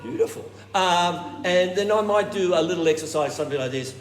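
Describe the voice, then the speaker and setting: A man leading a choir warm-up workshop, explaining technique and showing it with hums and falsetto sounds. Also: a little fast. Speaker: choir director. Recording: roomy hall with reverb and noise.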